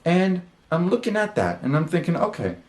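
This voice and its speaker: A man's voice: high voice, sing-song, normal speed, darkish tone, echoey room. A man hosting his channel, telling a story in a casual, rambling way, with lots of fillers and the odd swear word. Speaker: channel host. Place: his room.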